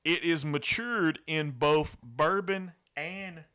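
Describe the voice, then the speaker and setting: A man's voice: a little high, slow. A man co-hosting a casual chat show, playfully reviewing a cigar and a whisky and tossing in joking Spanish phrases. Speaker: podcast co-host. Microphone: headphones and studio mic. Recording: slightly dull lo-fi audio.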